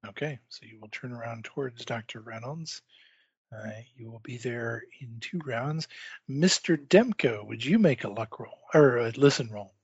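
A man narrating as game master of a tabletop horror game over an online call, calm and measured. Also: medium pitch, husky, no room sound. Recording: dull online call audio.

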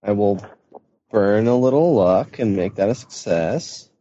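A man with a fairly low, mellow voice plays a tabletop game, laid-back and thinking aloud. His voice comes over a dull voice chat line with a faint hiss behind it. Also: expressive, a little slow. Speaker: player. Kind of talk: casual tabletop play.

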